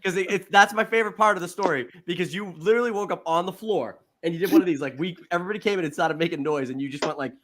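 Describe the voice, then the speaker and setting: A man co-hosting a podcast, excitedly retelling a friend's story in casual chat and repeating himself as he goes. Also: high voice, very fast, few pauses, slight background noise. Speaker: podcast co-host.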